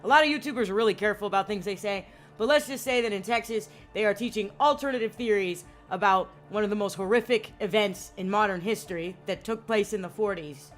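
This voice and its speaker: A young woman gives casual gaming commentary in a loose, rambling way. She curses freely and fills her talk with "like" at a middling pitch. Faint game music plays behind her. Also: fast. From United States. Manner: rambling, profane, lots of "like". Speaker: streamer.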